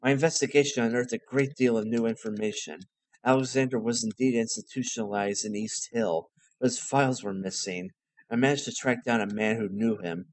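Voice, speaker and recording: A man's voice: mid-range voice, fairly even intonation, fairly quick, a little mellow, no room sound, natural voice. A man reading the lines of a shaken male investigator in a plain, urgent voice.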